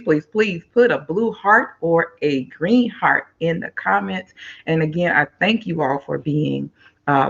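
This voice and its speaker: A woman's voice: low voice, fairly bright tone, muffled recording. A woman hosting a live-stream talk show, chatty and upbeat, speaking straight to her viewers.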